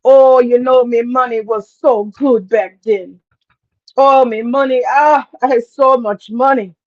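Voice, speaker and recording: A woman voicing a boozy older Jamaican man with a Jamaican accent, speaking in a slow, loud drawl, on dull lo-fi stream audio. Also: on the high side, fairly even intonation. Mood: boastful.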